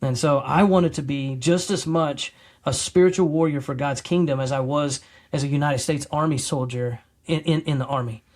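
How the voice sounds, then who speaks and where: At a moderate pace and a somewhat high pitch, this middle-aged guest on a podcast recounts his testimony in a rambling, casual manner, often restarting. He brings it to life by acting out his own quotes.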